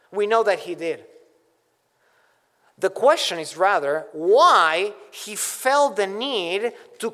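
Slow, high-voiced preacher in a hall. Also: male voice, fairly bright tone. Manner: deliberate, emphatic teaching with scripture quotes. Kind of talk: expository sermon. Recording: long hall reverb.

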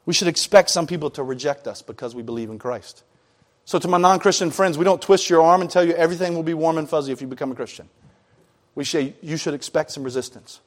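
A man's voice: fairly high pitch, brisk. A man preaching a sermon as pastor, mixing scripture reading with loose, conversational asides and casual slang.

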